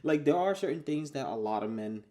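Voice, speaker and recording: A man's voice: fairly high pitch, expressive, a little fast, dark tone. A man giving casual reaction commentary in a blunt, mocking way, swearing freely.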